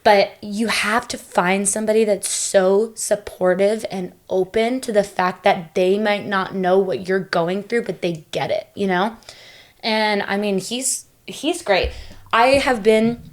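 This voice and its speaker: A woman's voice: mid-range voice, steady tone, measured pace. A young woman talking openly as a podcast guest, chatty and full of fillers and restarts. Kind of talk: casual conversational interview.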